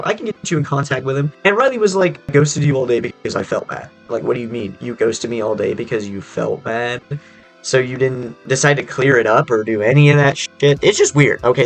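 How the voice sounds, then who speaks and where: A young adult man telling a personal story in casual speech, animated and rambling, with lots of fillers and swearing. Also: mid-range voice. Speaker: storyteller vlogger.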